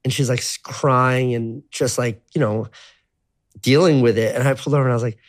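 A man's voice: medium pitch, steady tone, fairly quick. A man in his thirties telling his life story as an interview guest, rambling and profane, full of "like". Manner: rambling, profane, heavy use of filler "like". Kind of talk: casual storytelling.

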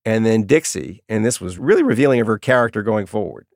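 A middle-aged man telling lively stories about his daughter as a guest in an interview. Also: on the low side, quick pace, no room sound, clean studio sound. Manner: animated storyteller, acts out quotes. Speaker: guest, author. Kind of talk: storytelling in an interview.

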